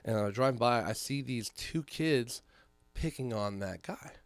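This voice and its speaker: Animated swearing storyteller man. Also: medium pitch, a little slow, no echo, studio quality. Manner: animated storyteller, heavy swearing, acts out voices. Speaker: podcast co-host. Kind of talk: casual storytelling chat.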